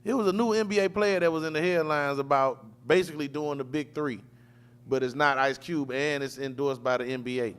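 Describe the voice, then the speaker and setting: A man's voice: a little high, fairly even intonation, brisk, a bit bright, smooth. A man on a comedy podcast panel, teasing the others and laughing often. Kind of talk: casual panel chat.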